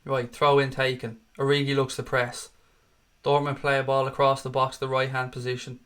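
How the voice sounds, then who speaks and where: A man's voice: medium pitch, normal speed, clear, resonant tone. A man hosting a live fan watchalong, calling the match play by play, swearing freely and chatting with viewers. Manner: excitable, sweary, rants at the referee; chats to viewers in the live chat.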